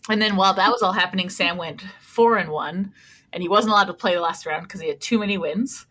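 Brief: bright, chatty woman co-host telling a story. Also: medium pitch. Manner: chatty storyteller, laughs often. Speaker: podcast co-host. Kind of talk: casual chat.

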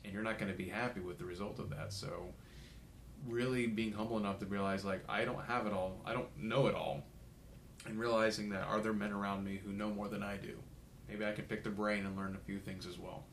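Low voiced guy on a podcast, earnest, kinda reflective, restarts words, faint rumble behind. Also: fairly even intonation, fairly quick, reverberant. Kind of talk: casual podcast discussion.

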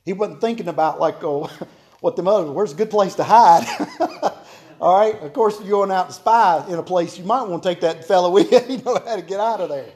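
High-voiced folksy preacher, a man. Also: a little fast, a little mellow. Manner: homespun, joking, repeats key phrases for emphasis. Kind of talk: folksy sermon to a congregation.

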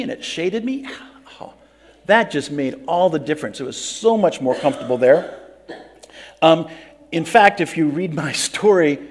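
A man's voice: high-pitched, exaggerated voice. An actor playing a grumpy biblical prophet who complains a lot, telling his own story in first person in an interview, plain-spoken and earnest. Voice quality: earnest, plain-spoken, breaks into pleading outbursts. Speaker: interviewee in character.

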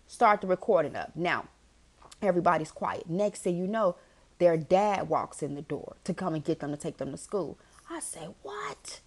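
A woman hosting a podcast, telling a story in an animated, emphatic casual monologue, swearing and calling the listener "girl". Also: on the low side. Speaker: podcast host.

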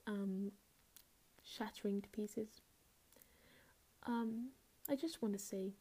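A woman putting on a hushed, soothing late-night radio host voice in a whispered role-play. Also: medium pitch, natural voice. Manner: slow, drawn-out and soothing. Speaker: podcast host.

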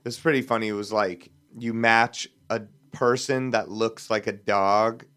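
A man co-hosting a podcast, talking in a relaxed, rambling way with lots of fillers. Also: fairly low pitch, a little slow, smooth. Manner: relaxed, rambling, heavy use of filler words. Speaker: podcast co-host. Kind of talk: casual chat.

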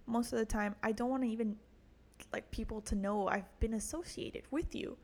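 This podcast host is a young woman with a fairly high, darkish voice that holds a steady tone at a moderate pace. Alone on the mic, she rambles casually, mocks herself crudely, swears a lot, and laughs at her own jokes.

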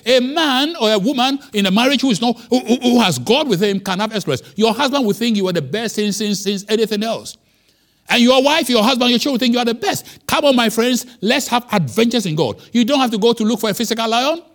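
A man preaching a sermon as pastor, emphatic, with wide swings in pitch and loudness. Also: a little fast.

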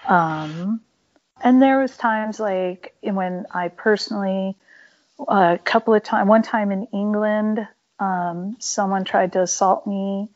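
A woman's voice: mid-range voice, slow pace, a little mellow. A woman musician telling stories candidly and emphatically in a casual interview, with many fillers. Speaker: punk band musician, interview guest. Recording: dull lo-fi audio.

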